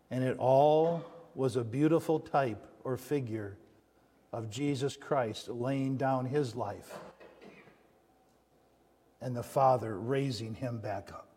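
A man's voice: medium pitch, darkish tone, breathy edge, in a large hall. A man preaching a sermon as pastor, building emphasis and asking the church call-and-response questions.

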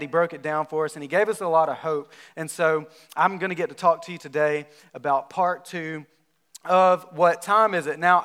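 A man, a pastor from North Alabama, preaching a sermon in a relaxed, conversational storytelling way. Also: fairly high pitch, smooth.

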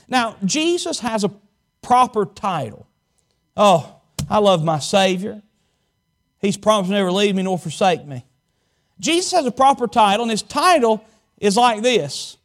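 A man's voice: high-pitched, expressive. A male pastor from Southwest Virginia, preaching a sermon and stretching out key words for emphasis. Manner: dramatic preaching, slows and stretches key words, tells folksy stories.

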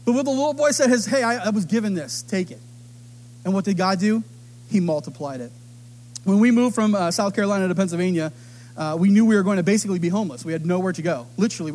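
A middle-aged man preaching a sermon, telling stories with animated delivery and acting out the voices of others. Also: high voice, very fast. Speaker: pastor.

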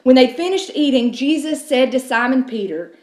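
A woman's voice: sits high, lively intonation, moderate pace, a little mellow. A middle-aged woman pastor, preaching a sermon in a conversational storytelling way with frequent restarts. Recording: roomy echo.

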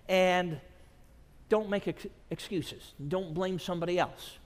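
A man's voice: fairly high pitch, in a large hall. A man preaching a sermon at a conference, telling stories and chuckling often. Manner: storytelling with frequent chuckles. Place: large conference hall.

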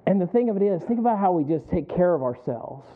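A man's voice: high-pitched, quick pace. A man preaching a sermon, telling stories and asking the congregation to finish his phrases. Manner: animated storytelling, asks the congregation to fill in words. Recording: tinny phone-like sound.

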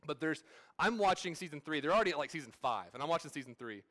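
A man's voice: a little high, lively intonation, quick pace, pushed and bright. A man in his thirties, a pastor, preaching a sermon at a church service in a casual, storytelling way full of fillers and restarts.

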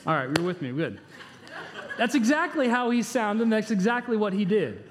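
A man's voice: high-pitched, very animated, moderate pace, in a large hall. A man preaching a conversational sermon, short on sleep, with joking asides and rhetorical questions.

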